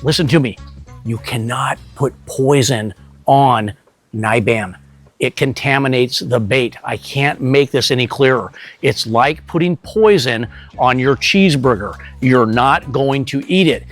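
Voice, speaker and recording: A man hosting a pest control channel, giving an energetic, salesy product demonstration straight to the viewer. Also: mid-range voice, a little slow, dry recording, soft background music. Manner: energetic, salesy, direct to camera.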